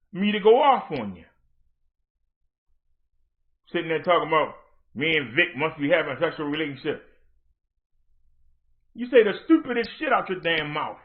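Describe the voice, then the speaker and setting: A man's voice: sits high, big pitch swings, moderate pace, pauses often. A man hosting his own livestream in a heated rant, confronting someone by reading out her messages and answering them. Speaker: livestream host. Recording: tinny phone-like audio.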